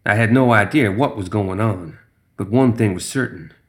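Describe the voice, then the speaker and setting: A man's voice: on the low side, moderate pace. A man narrating a first-person horror story in a tense, dramatic way.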